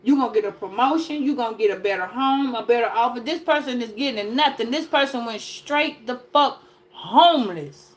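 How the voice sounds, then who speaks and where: A woman with a high-pitched voice talks through a tarot reading in loose, comedic chat. She rambles, swears constantly and jokes her way from one card to the next. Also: brisk. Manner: profane, rambling, joking. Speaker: tarot reader.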